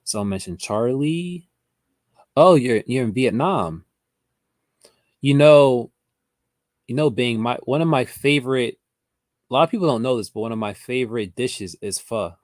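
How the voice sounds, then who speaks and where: A trading educator hosts a live lesson on a livestream, chatting casually with viewers and reading their chat comments aloud. His medium-pitched, darkish voice is animated yet measured, with long pauses. The dry, studio-quality recording has no room sound.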